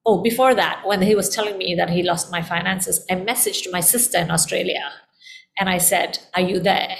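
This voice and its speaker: A woman's voice: on the low side, fairly even intonation, moderate pace, vocal fry, a little hiss or hum. A middle-aged woman, a guest in a conversation, telling a personal story in an earnest, heartfelt way and repeating phrases for emphasis.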